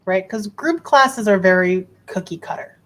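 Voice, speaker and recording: A woman's voice: medium pitch, animated, normal speed. A woman hosting a casual interview who makes brief, agreeing remarks. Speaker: host.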